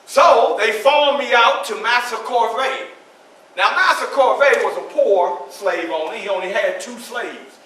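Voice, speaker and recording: A man with a very high voice performs Frederick Douglass in a solo historical storytelling show in a library room, speaking to the audience about his enslavement. His delivery is measured, bright, forceful and exaggerated, recorded from far off in an echoing room.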